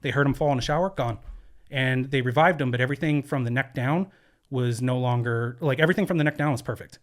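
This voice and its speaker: A man talking quickly and earnestly as a studio podcast guest. His voice sits at an ordinary middle pitch, and his words tumble out in bursts full of fillers and false starts. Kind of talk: candid conversational storytelling.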